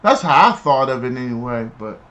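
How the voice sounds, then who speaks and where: A man streaming a football video game, chatting casually and telling stories in an animated, slangy way. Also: medium pitch, fairly quick. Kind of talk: casual live-stream chat while gaming.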